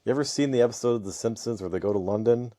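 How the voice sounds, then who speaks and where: A man's voice: mid-range voice, very fast, mellow. An American man co-hosting a casual podcast, reading out listener questions and answering them at length. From United States. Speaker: podcast co-host. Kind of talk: casual chat.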